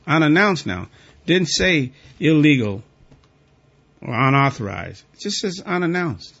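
A man's voice: fairly high pitch, measured pace, gravelly, highs cut off. Man reading rules, adding indignant asides. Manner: reads text flatly, then breaks off into pointed, indignant asides. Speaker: commentator reading and reacting to guidelines. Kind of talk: reading a document aloud and commenting.

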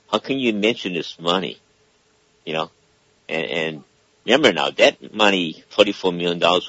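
A man's voice: sits low, fairly bright tone, no echo, dull audio. A man calling in to a talk radio show, explaining at length and checking in again and again with "okay?". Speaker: caller. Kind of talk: casual call-in talk.

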